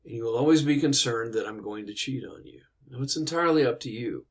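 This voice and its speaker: A man's voice: mid-range voice, fast talker, natural voice. A man voicing a bold, insistent old woman in a casually told story, plain-spoken and persuasive.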